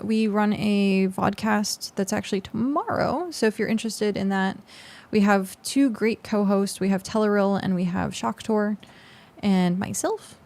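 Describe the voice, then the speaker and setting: A woman's voice: medium pitch, darkish tone. A woman game streamer chatting casually with her viewers, tired and congested, with lots of fillers. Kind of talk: casual live-stream chat.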